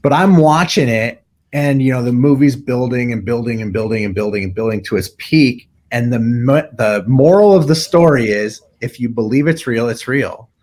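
Lively middle-aged man telling a story. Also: mid-range voice, moderate pace. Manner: animated storyteller, acts out quoted voices. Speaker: guest, tattoo artist. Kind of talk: storytelling in casual conversation.

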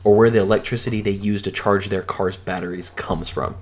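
A man's voice: lowish voice, fairly even intonation, brisk. A man co-hosting a casual political podcast, answering with dry, mocking quips.

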